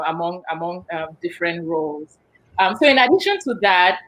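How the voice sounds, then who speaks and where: A woman guest on a talk show, speaking with a cold and a cough drop in her mouth, explaining her background in an animated way. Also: fairly low pitch, poor audio. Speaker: guest, business director. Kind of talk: panel discussion.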